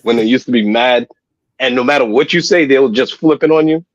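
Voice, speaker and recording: A man's voice: medium pitch, brisk, dull audio. A man joking sarcastically in casual chat, trading banter with a guest. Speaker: co-host.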